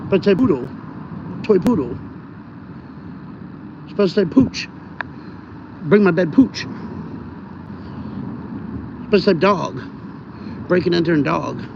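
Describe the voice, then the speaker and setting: A man's voice: high voice, animated, takes it slowly, gravelly, long pauses, dull audio, noisy background, full character voice. A man voicing his own goofy, simple-minded male toy poodle, chanting short repeated phrases.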